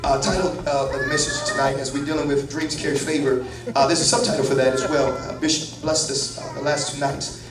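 A man preaching a live church sermon, joking with the congregation and swinging from quiet asides to shouted praise. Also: medium pitch, fairly even intonation, brisk, recorded from a distance, music in the background. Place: large church hall with congregation. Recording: echoey hall, crowd, from off-mic. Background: congregation responding.

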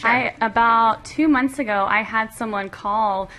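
A woman's voice: a little high, unhurried, a bit bright, poor audio. A woman, a magazine's managing editor, chatting as a guest on a radio interview in an upbeat, storytelling way.

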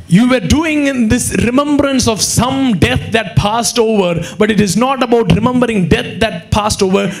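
A man preaching a sermon with an Indian English accent, animated, acting out quotes and breaking into sudden shouts. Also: extremely high pitch, normal speed, gravelly, few pauses, a little hiss or hum. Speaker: pastor. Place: church hall.

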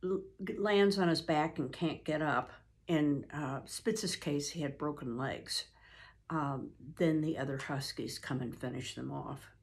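An older woman, a grandmother, reading a novel aloud in an unhurried way with frequent ums and restarts. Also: deep voice.

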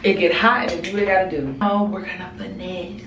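A young woman with a stuffy nose and a slightly hoarse voice, chatting candidly and poking fun at herself while doing her hair. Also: on the low side, fairly even intonation, fairly quick, echoey room, far from the mic, very noisy. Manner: chatty, candid, self-mocking. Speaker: beauty vlogger. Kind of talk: casual hair tutorial vlog.

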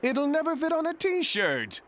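A woman's voice: sits high, wildly swooping pitch, a little slow, heavily acted. A woman voicing a vain, reluctant self-styled cartoon princess who drawls dismissively. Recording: cartoon clip with music.

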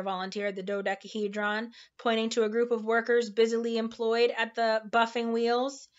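A woman reading a children's novel aloud in a relaxed, informal way, tripping over hard words now and then. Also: on the high side, moderate pace, hardly any pauses, lo-fi sound. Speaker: storybook reader.

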